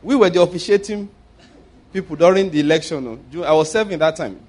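A man's voice: on the high side, fast talker. Nigerian man preaching a sermon. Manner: anecdotal, swings between loud emphasis and quiet asides.

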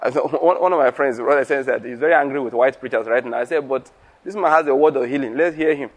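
Speaking at a quick pace in a medium-pitched voice, this man preaches to other pastors. His delivery is animated storytelling, full of acted-out dialogue and frequent laughter.

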